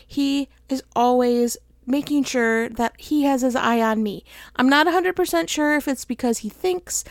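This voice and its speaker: A woman's voice: high-pitched, fairly even intonation, moderate pace, few pauses, no echo. A middle-aged woman hosting her own podcast, chatting casually and laughing often into a close mic. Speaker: podcast host. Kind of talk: casual solo podcast chat.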